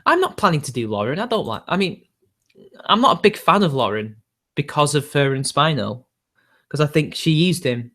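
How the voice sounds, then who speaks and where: A man's voice: fairly high pitch, big pitch swings, normal speed, sharp tone. A man hosting a casual livestream, talking off the cuff in a rambling, hedging way with frequent chuckles. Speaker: livestream host.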